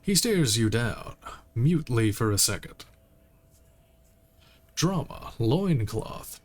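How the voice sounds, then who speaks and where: A man streaming a game, reading its text aloud in a relaxed way and making occasional asides. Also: mid-range voice, normal speed. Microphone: streaming mic.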